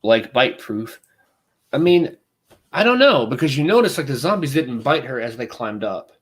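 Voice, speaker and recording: A podcast co-host with a middle-pitched, slightly breathy voice chats casually at a moderate pace on a laid-back show. He tells stories in an animated way, rambling and cutting himself off mid-thought, and slips into little acted-out voices as he retells scenes.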